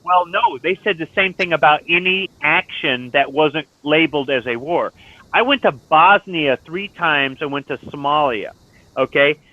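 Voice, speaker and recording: His voice is slightly high and sing-song, moving at a moderate pace as this Marine veteran, middle-aged, trades stories in casual, cuss-heavy talk. It comes through tinny lobby voice chat that sounds like a phone, with a dry recording.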